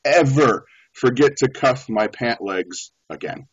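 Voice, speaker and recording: Guy telling a funny story, laughs a lot, voice goes up and down, kinda husky. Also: medium pitch, lively intonation, slow, no room sound. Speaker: beekeeper guest. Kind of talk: casual storytelling chat. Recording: dull lo-fi audio.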